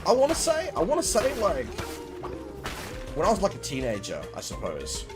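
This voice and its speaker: A man's voice: sits high, wildly swooping pitch, normal speed, over music. An Australian man in his thirties, hosting a game stream and chatting casually with viewers in a rambling, playful, teasing way. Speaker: livestream gamer host. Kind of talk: casual chat while gaming, reading viewer comments.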